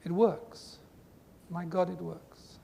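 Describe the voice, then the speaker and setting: A man giving an earnest spiritual talk to a group, with emphatic, repetitive phrasing, recorded in a reverberant hall with a faint rumble. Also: flat delivery, takes it slowly, gravelly, mellow. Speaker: spiritual teacher.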